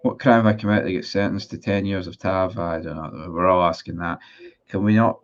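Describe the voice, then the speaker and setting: A man's voice: deep voice, fairly even intonation, brisk, muffled recording. A man in a casual livestream, reading out viewer comments and answering them in a blunt, sweary, sarcastic way. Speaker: football fan streamer.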